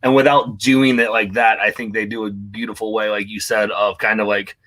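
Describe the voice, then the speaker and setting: A man's voice: lowish voice, level tone, a little fast, bright, forceful tone. A man co-hosting a casual movie discussion, opinionated and full of fillers like "like" and "you know".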